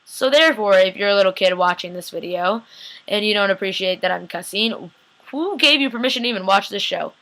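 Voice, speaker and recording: A woman's voice: mid-range voice, lively intonation, brisk, fairly bright tone. A young woman casually recapping a TV episode, gushing and chatty, acting out characters' lines as she goes. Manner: gushing, chatty, quotes characters in bits of voices. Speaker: TV recap vlogger.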